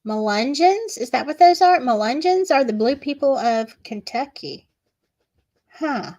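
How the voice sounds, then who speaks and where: Slow, chatty Southern woman streamer. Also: sits high, lively intonation, a little mellow. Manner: chatty, gossipy, reads chat aloud. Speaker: livestream host. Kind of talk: casual livestream chat.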